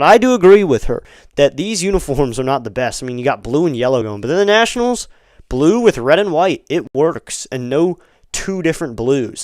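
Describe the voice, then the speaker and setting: Smooth-voiced man calling baseball play-by-play. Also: medium pitch, dry recording, studio quality. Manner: conversational, rising to excited calls on big plays. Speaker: fan play-by-play streamer. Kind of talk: live play-by-play commentary.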